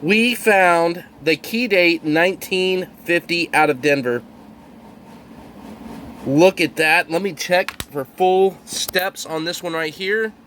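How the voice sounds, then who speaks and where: A man with a somewhat high voice narrates his coin hunt for viewers, bursting with excitement. A faint background hum sits under his voice. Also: slow pace. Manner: thrilled, exclamatory, addresses viewers as y'all. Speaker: coin roll hunter. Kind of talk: excited hobby video narration.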